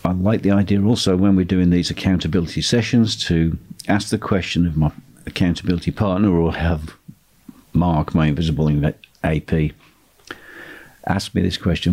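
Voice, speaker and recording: A man talks through an instructional lesson on property investing, his voice sitting very low. There's a husky edge to his tone as he lays out points steadily and emphatically, circling back to repeat key phrases. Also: steady tone, moderate pace, darkish tone. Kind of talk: instructional monologue.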